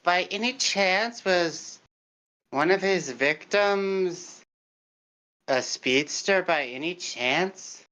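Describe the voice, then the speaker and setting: An eager player in a tabletop game, quick with questions. The voice sits at a middle pitch and comes through a slightly dull, lo-fi mic. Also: animated, pushed and bright. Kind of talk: casual tabletop game play.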